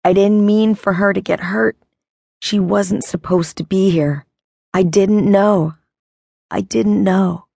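A woman's voice: mid-range voice, fairly even intonation, vocal fry, dark tone, dry recording, studio quality. A woman voicing Tristan, a guilt-stricken young man. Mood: desperate, broken. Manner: halting, repeats himself in shock.

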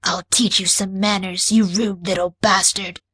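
A woman's voice: fairly even intonation, breathy edge, full character voice. Woman voicing a grating, sneering alien commander. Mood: spiteful. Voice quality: grating, low and hushed. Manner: sneering, slow and whispery. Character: cruel female alien commander, contemptuous and cold. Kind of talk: audiobook character voice.

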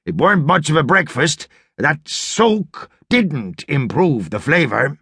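A man voicing a gruff, hungry old pirate captain in an audiobook, with a slow, folksy drawl. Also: on the high side, very animated, a bit bright, no echo, exaggerated voice. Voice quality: gravelly, husky. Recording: dry studio audiobook.

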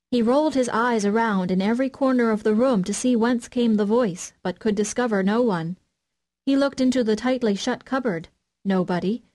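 Woman, audiobook narrator, children's classic, gentle storybook reading. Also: on the high side.

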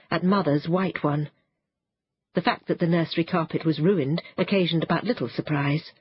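A woman narrating a children's storybook in an expressive, animated way. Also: deep voice, slightly rough, lo-fi sound. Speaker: audiobook narrator.

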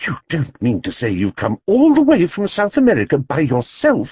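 A man's voice: high voice, huge pitch swings, normal speed, slightly rough, dry recording, voice pushed up, exaggerated voice. A man voicing a kind, middle-aged mother in an audiobook, eager and pleading yet firm. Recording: dull, dry studio audiobook read.

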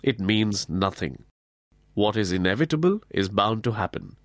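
A man voicing a serene, gentle divine lord in an audiobook, speaking in a soothing, measured way. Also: on the low side, expressive, no echo, studio quality, close to an everyday voice. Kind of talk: audiobook character voice.

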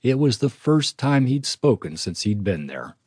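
A man narrating a western audiobook in a steady storytelling manner. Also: mid-range voice, a little slow, breathy edge, no echo, clean studio sound. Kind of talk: scripted narration.

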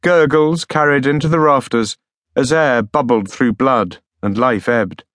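A man narrating an audiobook thriller in a measured, dark storytelling manner. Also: mid-range voice, no echo, studio quality. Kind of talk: scripted narration.

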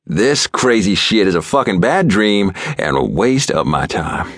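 A guarded, hot-tempered rancher, as a male audiobook narrator voices him. His low, dry voice comes out curt and snarling, holding back a temper. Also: sing-song, a little slow, a bit bright, dry recording, full character voice. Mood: angry. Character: tough rancher, guarded and quick to anger.

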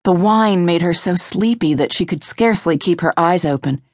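A woman narrating a classic children's novel as an audiobook, in a measured, expressive storytelling manner. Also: lowish voice, dry recording, clean studio sound.

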